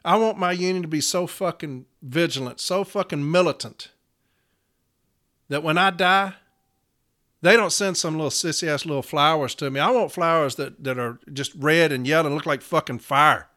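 A man's voice: a little high, normal speed, bright, forceful tone. A man, hosting his podcast in an angry, profane solo rant. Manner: furious, profane, fiery. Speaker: podcast host.

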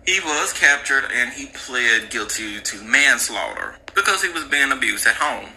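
A man casually retelling a true crime story with jokes and slang, animated and chatty. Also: medium pitch, moderate pace, slight background noise, rough recording.

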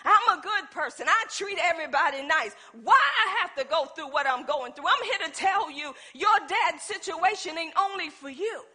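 A woman's voice: extremely high pitch, expressive, moderate pace, hardly any pauses, pushed and bright. A woman preaching a sermon, calling on the congregation to respond, folksy and emphatic.

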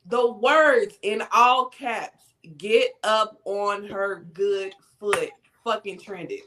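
A woman's voice: mid-range voice, fairly even intonation, drawn-out words, a bit bright, slight background noise. A woman co-hosting a podcast, giving emphatic, profane commentary in a casual chat. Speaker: podcast co-host.

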